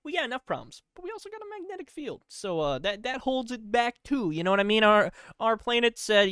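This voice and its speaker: Male comedy podcast host: loose, silly rambler with a lively, swooping delivery, dead-dry recording. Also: sits high, a little fast, clear, resonant tone, no echo. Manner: loose, goofy, full of filler asides; breaks into laughter mid-line. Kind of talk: rambling comic monologue.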